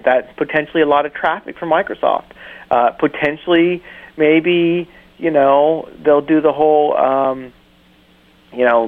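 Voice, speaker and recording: A man's voice: medium pitch, vocal fry. A man co-hosting a search news podcast, chatting casually with jokes and many fillers. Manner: joking, rambling, lots of fillers. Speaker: podcast co-host. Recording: tinny phone line.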